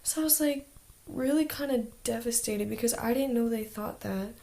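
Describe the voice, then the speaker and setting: Teen girl rambling in a vlog diary, lots of "like", gravelly fry. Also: fairly high pitch, moderate pace, dark tone. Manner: chatty, lots of "like" fillers. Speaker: exchange student vlogger. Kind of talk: casual video diary.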